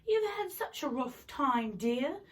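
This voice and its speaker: A woman doing a gentle British teacher. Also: sits high, sing-song, slow, voice pushed up, full character voice. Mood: soothing. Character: kindly female teacher with a British accent.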